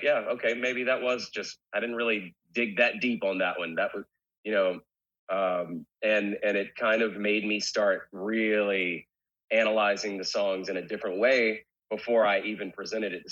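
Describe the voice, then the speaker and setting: Brief: man, low husky voice, candid rambling interview guest, slightly muffled recording. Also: fairly bright tone. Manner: candid, rambling with many restarts. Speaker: guest, rock singer. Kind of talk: casual interview chat.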